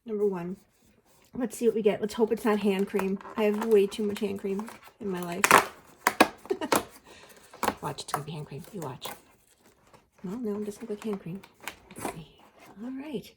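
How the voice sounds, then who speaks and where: A woman's voice: medium pitch, normal speed, pauses often, very noisy. A woman hosting a casual unboxing chat, talkative and giggly as she thinks aloud. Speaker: host.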